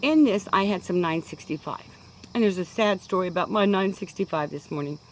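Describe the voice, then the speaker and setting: Out on a deck, a Kansas woman in her 60s who smokes a pipe delivers a casual, meandering vlog monologue that drifts off topic. She speaks a little fast on the low side with lively intonation, and the low-quality recording carries slight background noise.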